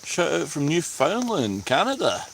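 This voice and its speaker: A man chats on a live stream from a rainy forest at night, his voice lively and bouncing up and down in pitch. He sounds a little tipsy and laughs easily. Faint rain patters on the tarp behind him. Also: normal speed, rough recording. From Scotland. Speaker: vlogger. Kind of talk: casual live-stream chat. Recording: faint rain noise outdoors.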